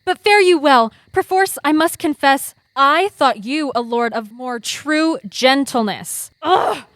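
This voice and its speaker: A woman's voice: high-pitched, expressive, slow pace, a bit bright, no echo, clean studio sound, full character voice. An actress playing a scorned young woman in a college stage play, hurt and indignant.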